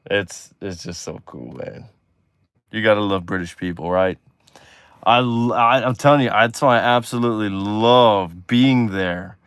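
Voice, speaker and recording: Easygoing Texan man with a smooth voice. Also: lowish voice, a little slow, a bit bright, no echo. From Texas. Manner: rambling and easygoing, with many "you know" fillers and trailing-off asides. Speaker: host. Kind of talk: casual chat on a live stream.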